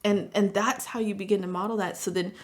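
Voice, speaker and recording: A woman's voice: mid-range voice, fairly even intonation, brisk. A middle-aged woman, a therapist, talking casually on a podcast and acting out family dialogue as she tells stories. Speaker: therapist guest.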